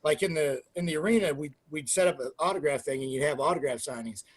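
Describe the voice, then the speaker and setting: A man in his forties, a former pro wrestler, telling profane, animated stories in an interview and acting out quoted dialogue. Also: on the high side, quick pace, slightly rough. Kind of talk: casual storytelling interview.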